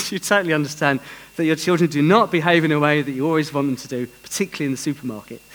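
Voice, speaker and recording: A man's voice: on the high side, fairly bright tone, poor audio. A man preaching a sermon in an earnest way, telling a story with some restarts.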